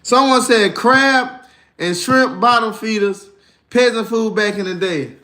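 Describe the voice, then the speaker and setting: A man hosting a casual livestream, reading chat and telling animated stories while acting out voices and laughing often. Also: high-pitched, unhurried, reverberant.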